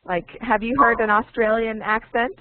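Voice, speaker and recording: A woman teaching English online, speaking slowly and deliberately and repeating key words so learners can follow. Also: on the high side, steady tone, dry recording. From United States. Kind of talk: online language lesson. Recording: tinny phone-like online call audio.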